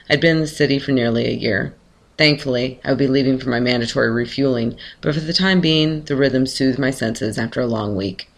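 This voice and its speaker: A man calmly reading a first-person short story aloud in a measured way. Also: medium pitch, vocal fry. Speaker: narrator.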